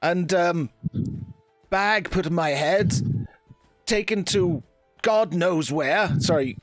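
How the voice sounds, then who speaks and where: A man's voice: high-pitched, slow, no room sound, soft background music, voice pushed up. A man voicing a frightened wizard who stammers and halts as he pleads. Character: frightened older male wizard.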